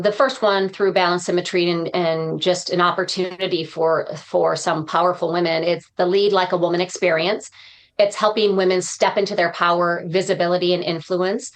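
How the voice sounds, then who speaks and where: A woman guest on a podcast, a motivational speaker talking in an earnest, reflective way and dropping uplifting sayings. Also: lowish voice. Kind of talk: podcast interview conversation.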